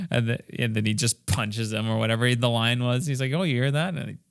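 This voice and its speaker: A man co-hosting a podcast, chatting casually about movies and acting out lines in quick put-on voices. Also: mid-range voice, steady tone, vocal fry, clean tone. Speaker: podcast co-host.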